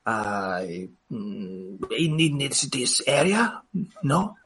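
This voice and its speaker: A man voicing a nervous, wealthy foreign businessman with a thick put-on accent and halting, hesitant speech. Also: medium pitch, big pitch swings, fairly bright tone, a little hiss or hum, voice pushed down, full character voice.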